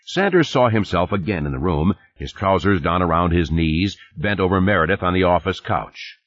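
Deep husky male audiobook narrator. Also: animated, normal speed, no room sound. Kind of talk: scripted narration. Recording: dull lo-fi cassette audio.

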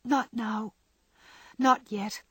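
A woman voicing a frail, gentle young girl in a storybook reading, speaking softly through tears. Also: on the high side, steady tone, very slow, slightly rough, no echo, heavily acted. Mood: tearful. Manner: soft, tearful pleading.

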